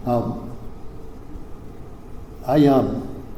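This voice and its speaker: A man's voice: mid-range voice, fairly even intonation, extremely slow, background noise. An older man from Hawaii speaking at a recovery convention, rambling with many fillers and restarts and some salty language. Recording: echoey hall, faint ambience.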